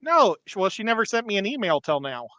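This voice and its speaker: A man's voice: sits high, very animated, fast talker, bright, forceful tone, dry recording. A man in casual live stream chat, defending himself with a self-assured manner.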